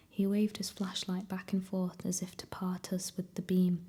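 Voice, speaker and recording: A woman reading a novel aloud as an ASMR reader, in a soft whispered role-play. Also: fairly low pitch, monotone, normal speed, breathy edge.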